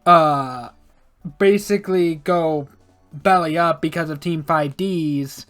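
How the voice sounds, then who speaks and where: A man co-hosting a let's play, chatting casually in halting speech full of fillers. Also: fairly high pitch, fairly bright tone, soft background music. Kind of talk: casual gaming chat.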